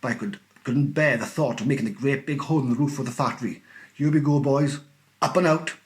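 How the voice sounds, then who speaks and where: A man voicing a cheerful, eccentric factory owner who talks in brisk, gleeful exclamations. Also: mid-range voice, natural voice.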